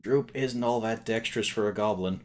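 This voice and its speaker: A man's voice: lowish voice, moderate pace, darkish tone. A man narrating as game master of a tabletop game, with wry, laughing asides.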